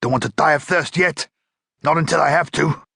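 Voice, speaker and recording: A man's voice: a little high, brisk, creaky, breathy edge, dry recording, clean studio sound, voice pushed up, full character voice. A man voicing a tense stranded crewman who snaps his lines. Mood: alarmed. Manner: sharp, snapping.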